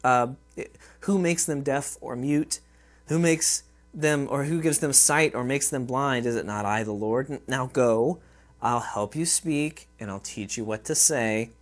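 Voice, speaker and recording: Preacher doing an irritated divine voice, firm, asking questions. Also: male voice, mid-range voice, a little slow, close to an everyday voice. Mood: annoyed. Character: annoyed, commanding male deity.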